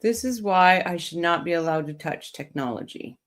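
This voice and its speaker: A woman's voice: lowish voice, animated, moderate pace. A woman hosting a true crime livestream, chatting casually with viewers and reading their comments while coming down with a cold.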